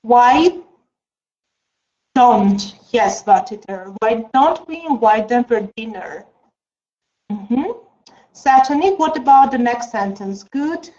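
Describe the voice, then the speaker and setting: A woman teaching an English class online, slow and coaxing, with many mm-hmms. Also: on the high side, animated, mellow. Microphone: video call. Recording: dull lo-fi video call.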